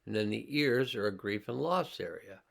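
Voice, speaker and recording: A man teaching a healing class, slowly and calmly talking listeners through sensing their body and emotions. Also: on the low side, creaky. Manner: slow, calm, pausing, guiding listeners' awareness. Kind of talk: slow guided healing demonstration.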